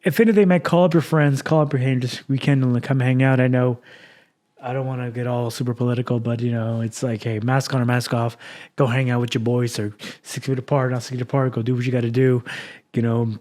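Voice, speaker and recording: After crying, a man hosting his own podcast talks rawly and from the heart, with sighs and pep-talk encouragement in an emotional solo episode. His voice is mid-range, brisk, a little mellow, with fairly even intonation. The tone is motivational.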